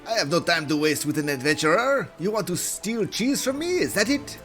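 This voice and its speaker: A man's voice: sits high, very animated, fairly quick, fairly bright tone, faint music behind, voice pushed up. A man voicing a grumpy male village chef, brusque and suspicious.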